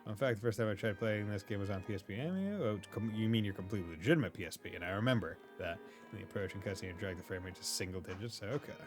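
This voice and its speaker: A man's voice: lowish voice, animated, rapid-fire, over music. A man giving casual, joking commentary over a video game, sometimes reading the characters' lines aloud.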